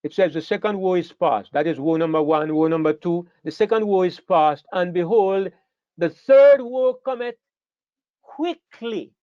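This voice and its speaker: A man's voice: on the high side, normal speed, few pauses, no echo, muffled recording. A man teaching a Bible study class to a room of listeners, emphatic, repeating key words and checking that everyone follows.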